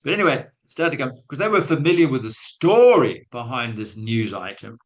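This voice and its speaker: A man's voice: medium pitch, sing-song, fairly quick, low-quality recording. A man giving a webinar talk to teachers, telling a classroom story in a chatty, self-mocking way with acted-out quotes. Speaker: guest speaker on language teaching.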